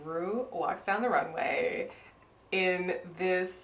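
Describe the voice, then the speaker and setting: A woman's voice: on the low side, slow, heavy background noise. A woman co-hosting a casual chat about a TV episode, acting out quotes in playful voices. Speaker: podcast co-host. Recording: echoey room.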